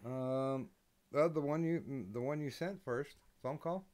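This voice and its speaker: A man's voice: medium pitch, unhurried, darkish tone. A man hosting a casual live stream, hesitant with lots of ums, swearing bluntly now and then. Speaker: streamer host.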